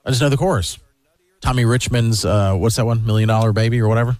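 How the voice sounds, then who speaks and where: A man's voice: mid-range voice, quick pace, no echo. A man hosting a radio show, chatting casually and acting out quotes in a raised voice. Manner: animated, acts out quotes in a raised voice. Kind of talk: casual chat.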